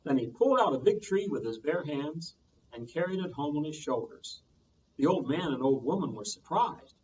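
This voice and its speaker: A man, a children's librarian, reading a storytime tale aloud with lively sound effects, heard from a distance on muffled audio. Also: on the high side, moderate pace, slight background noise.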